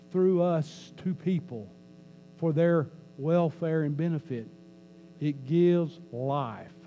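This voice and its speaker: A pastor preaching a conversational sermon in a church, joking with the congregation and repeating phrases for emphasis. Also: male voice, fairly high pitch, mellow, lo-fi sound. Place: church sanctuary. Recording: faint mains hum.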